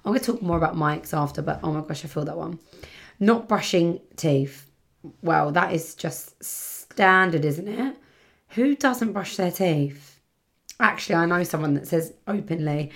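A woman's voice: fairly low pitch, normal speed, vocal fry. A British woman hosting a casual solo podcast, chatting in a rambling way, full of fillers and self-corrections. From Britain. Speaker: podcast host. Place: home setting near the seaside.

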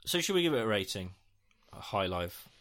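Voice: sits low, fairly quick. Podcast cohost running the segments, voice bounces up and down a lot. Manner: lively, leads the segments. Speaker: podcast co-host. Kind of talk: casual film-review chat.

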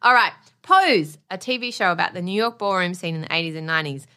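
Bright-voiced woman co-hosting. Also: lowish voice, lively intonation, fast talker. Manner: playful, sing-song sign-offs. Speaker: podcast co-host. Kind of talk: casual chat, reading listener email.

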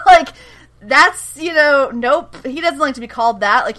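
A woman's voice: high voice, lively intonation, measured pace, pushed and bright. A woman casually recapping a TV episode, acting out the characters' lines and laughing often. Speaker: podcast co-host recapping a TV show. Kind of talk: casual chat.

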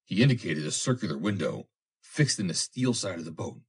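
A man reads a story aloud in a low, husky voice, narrating at a measured pace. His tone moves lively between phrases. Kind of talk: audiobook reading.

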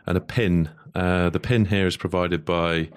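A man's voice: low-pitched, measured pace, clear, resonant tone. A man co-hosting a podcast, chatting casually and joking about a science demonstration. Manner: joking, lively, easygoing. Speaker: podcast co-host.

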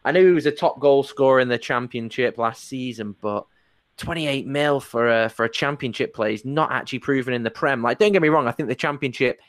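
A man hosting a casual football podcast, chatty and excitable, rambling with restarts. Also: mid-range voice, brisk, dry recording. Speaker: podcast host.

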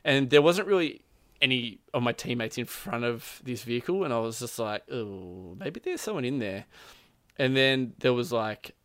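A man's voice: medium pitch, lively intonation, normal speed, a bit bright, no room sound. A man telling a gaming story in casual chat, rambling with lots of "like" and frequent laughs. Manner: rambling, says "like" constantly, laughs often, acts out quotes.

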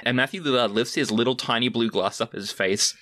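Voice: medium pitch, brisk, a bit bright. A podcast guest chatting casually about a movie, animatedly describing outfits and scenes.

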